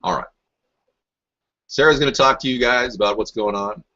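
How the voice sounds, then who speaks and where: A man's voice: medium pitch, normal speed, bright, forceful tone, dull audio. A man hosting a rambling political talk show, answering live chat in a combative, mocking and sarcastic way.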